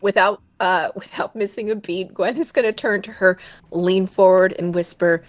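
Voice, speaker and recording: A woman's voice: mid-range voice, measured pace. A woman playing a tabletop game, telling what her character does with a laugh in her voice. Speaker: player.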